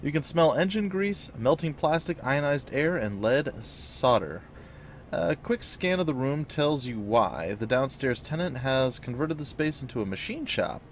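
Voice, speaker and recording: A man's voice: medium pitch, expressive, unhurried, slight background noise. A man hosting a let's play, reading the game's narration aloud and dropping in casual asides.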